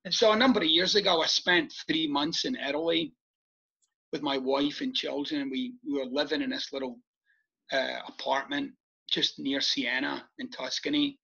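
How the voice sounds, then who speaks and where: A man's voice: mid-range voice, steady tone, moderate pace, creaky, pushed and bright, husky, muffled recording. A middle-aged Scottish man, an author being interviewed, telling stories casually and animatedly, laughing along as he talks. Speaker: author and podcast guest.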